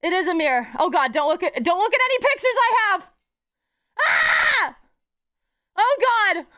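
A woman's voice: extremely high pitch, very animated, fairly bright tone. A young woman streaming live, chatting casually with her chat, playful and profane. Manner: playful, swearing, quick jumps between topics.

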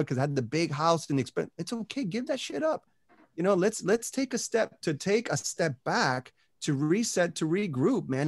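A man's voice: a little high, creaky, a little mellow, no echo, studio quality. A man speaking as a podcast interview guest, talking with motivational energy and often checking in with "right?" and "you know". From Puerto Rico and the US. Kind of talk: casual podcast conversation.

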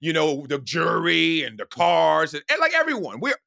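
A middle-aged man from Los Angeles, a guest telling stories in an animated way, laughing and acting out quotes with loud, high bursts. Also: moderate pace, gravelly, no echo, studio quality. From Los Angeles, United States. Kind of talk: animated storytelling.

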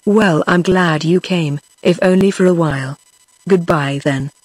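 A synthetic woman's voice reading the lines of a bitter, angry middle-aged working man in an audiobook, in a flat machine delivery. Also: fairly low pitch, unhurried, slightly rough, dry recording.

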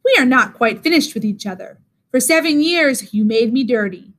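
A woman reading aloud, voicing a weary but kind male soldier who wears a bearskin, in a gentle, pleading way. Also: fairly high pitch, animated, moderate pace. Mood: earnest.

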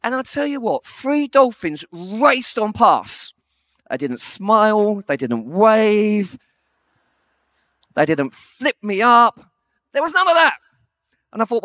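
A man's voice: high voice, big pitch swings, unhurried, sharp tone, no echo, clean studio sound. A man preaching a sermon, telling a self-deprecating story with comic timing.

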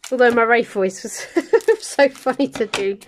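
A woman's voice: on the high side, moderate pace, a little hiss or hum. A woman hosting a crafting video, chatting casually and muttering numbers to herself as she sorts supplies. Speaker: crafting channel host. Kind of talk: casual chat while kitting up a diamond painting.

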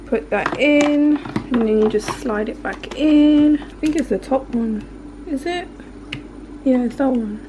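A woman's voice: a little high, unhurried. Bubbly woman vlogging her cooking. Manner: bubbly, chatty, rambling asides. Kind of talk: casual cooking vlog chat. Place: home kitchen. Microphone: handheld phone camera. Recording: noisy home kitchen recording.

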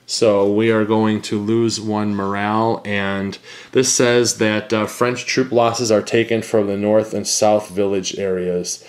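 A man's voice: on the low side, level tone, takes it slowly. A man hosting a board game channel, thinking aloud with many fillers and reading cards as he plays a solo game.

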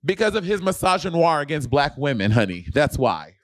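A man's voice: fairly high pitch, very animated, fairly quick. A man co-hosting a casual review podcast over a video call, sassy and opinionated. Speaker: podcast co-host.

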